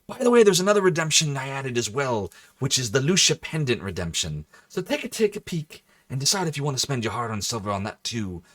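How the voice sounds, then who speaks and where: A male streamer putting on a playful pirate voice to thank his viewers, loud and theatrical. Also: medium pitch, big pitch swings, fairly quick, hardly any pauses, voice pushed up. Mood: jolly pirate. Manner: growly pirate talk, mock-theatrical.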